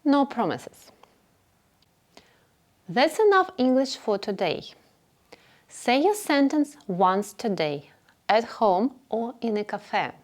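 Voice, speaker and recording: A woman teaching beginner English, speaking clearly and patiently and repeating phrases for learners to follow. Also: a little high, very animated, slow pace, pauses often. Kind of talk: slow instructional narration.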